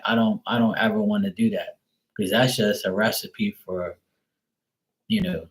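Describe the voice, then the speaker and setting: A middle-aged man talks loosely on his live stream, blunt and full of swearing. His voice sits a little low. He rambles with plenty of fillers and now and then acts out other people's lines in a raised voice. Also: low-quality recording. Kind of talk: casual live-stream chat.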